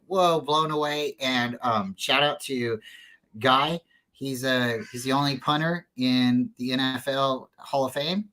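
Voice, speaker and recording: Male guest, mid-pitched, earnest and rambling, casual storyteller who restarts his sentences often. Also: a bit bright, rough recording.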